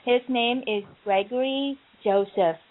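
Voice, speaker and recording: A gushing woman host talks in a bright, high register, laughing between her thoughts. Her voice comes through narrow and tinny, like an old internet radio call. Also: measured pace. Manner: bubbly, laughs often, effusive. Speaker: podcast host. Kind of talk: casual chat. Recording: tinny phone-like call audio.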